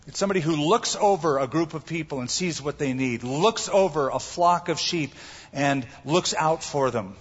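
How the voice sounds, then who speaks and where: A male pastor preaches to his congregation in a church sanctuary, animated and emphatic, driving his points home by repeating key phrases at a normal speed. His voice is a bit high and husky. The recording sounds dull, with the long echo of a church hall.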